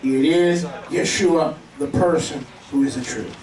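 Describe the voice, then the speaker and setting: A man's voice: a little high, unhurried, darkish tone. A man preaching a sermon to a congregation, emphatic and calling for responses. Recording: echoey room, mic at a distance.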